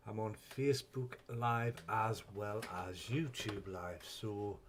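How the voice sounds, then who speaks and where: A man's voice: fairly low pitch, slight background noise. A man hosting a casual live stream, rambling and chatty, swearing when flustered.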